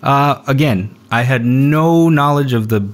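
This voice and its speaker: A young man hosting a podcast, telling a story in a relaxed, rambling way with lots of fillers. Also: mid-range voice, measured pace. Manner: rambling, laid-back storyteller with frequent fillers. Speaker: podcast host. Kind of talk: casual storytelling chat.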